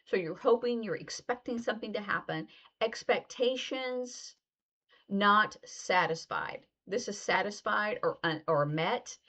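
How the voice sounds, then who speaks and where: A woman's voice: medium pitch, measured pace, bright, forceful tone. A woman teaching a casual video lesson, chatty and loose, acting out little example dialogues as she explains. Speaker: sign language teacher.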